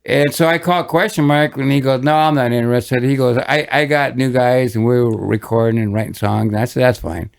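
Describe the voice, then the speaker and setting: Older man with a gravelly voice. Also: mid-range voice, fairly quick, few pauses. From Michigan, USA. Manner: rambling anecdotes with many restarts and chuckles. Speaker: guest musician. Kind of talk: casual storytelling interview.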